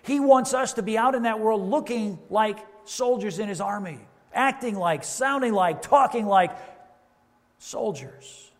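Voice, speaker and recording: High-voiced pastor preaching in a hall. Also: male voice, measured pace. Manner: conversational preaching, asides and quoted voices. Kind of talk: sermon. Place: church sanctuary. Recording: reverberant church hall.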